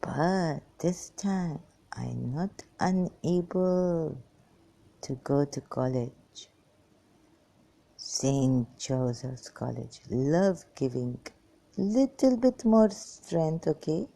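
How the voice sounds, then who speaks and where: A tired, weak woman rambling through a personal monologue for her vlog in halting, broken phrases. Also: low-pitched, animated, creaky, mellow. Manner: halting, fragmented speech with many pauses. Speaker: vlogger.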